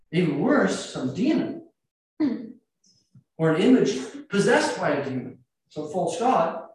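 A man with an American accent, a priest giving a conversational sermon full of anecdotes and rhetorical questions. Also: high-pitched. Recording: echoey church, mic at a distance.

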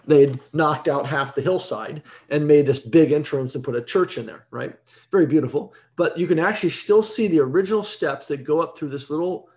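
Lively high-voiced man teaching Bible. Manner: conversational, explains step by step, keeps asking "right?".

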